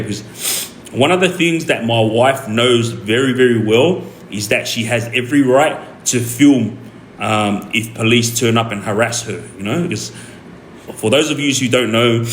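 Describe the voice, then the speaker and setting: A young Australian man telling a story on his stream in a rambling, animated way, full of fillers and restarts. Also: mid-range voice. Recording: echoey room with faint ambient noise.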